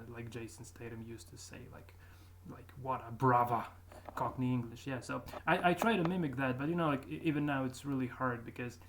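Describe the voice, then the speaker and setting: A man commenting casually on his own old videos, talking hesitantly with many fillers and restarts. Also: mid-range voice. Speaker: YouTuber reviewing his own accent progress. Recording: steady background noise.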